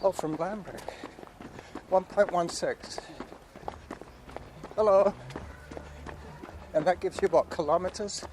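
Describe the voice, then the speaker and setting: A man's voice: sits high, slow pace, long pauses. Chatty man running outdoors by traffic. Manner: chatty, explains things as he goes. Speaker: running companion. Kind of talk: casual chat on a run. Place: outdoors by a road being paved. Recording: outdoor recording with loud traffic noise. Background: traffic and street ambience.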